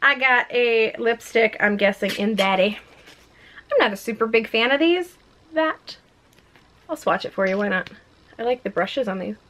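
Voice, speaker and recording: A young woman vlogging a makeup unboxing at home in a chatty, excitable, self-mocking way. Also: a little high, moderate pace, pauses often, slight background noise. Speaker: beauty vlogger. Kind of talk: casual unboxing vlog. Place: home room with a ring light.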